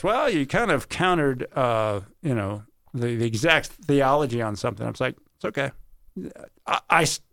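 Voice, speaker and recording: A middle-aged man, a sportscaster, telling earnest stories from his career in an interview. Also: mid-range voice. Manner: earnest, animated storyteller who acts out quoted voices. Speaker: sportscaster guest. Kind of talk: interview storytelling.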